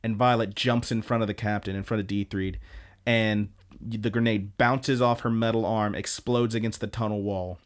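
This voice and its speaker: Male podcast co-host, lowish voice, loose rambling recap style. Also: steady tone, moderate pace. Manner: rambling retelling with fillers and quoted lines. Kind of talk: casual chat recapping an anime.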